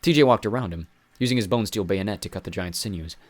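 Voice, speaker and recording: A man's voice: fairly low pitch, fast talker, no echo. A man reading a first-person adventure story aloud with dry, wry asides. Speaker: audiobook reader.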